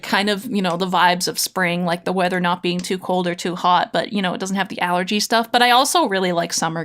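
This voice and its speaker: Woman streamer, giggly and rambling, mid-pitched, casual chat with viewers. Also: fairly bright tone. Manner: giggly, rambling, with silly mouth sound effects.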